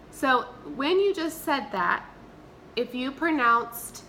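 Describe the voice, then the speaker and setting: A woman's voice: fairly high pitch, animated, sharp tone, a little hiss or hum. A woman teacher, leading a remote vocabulary lesson and having the class repeat words after her. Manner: slow, clear repeat-after-me drilling. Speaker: Spanish teacher.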